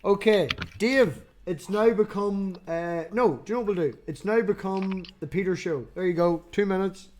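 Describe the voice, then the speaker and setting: Uk guy bantering on a group call, teasing and joking, slightly high voice. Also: moderate pace, few pauses, darkish tone. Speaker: podcast host. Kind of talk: casual group chat.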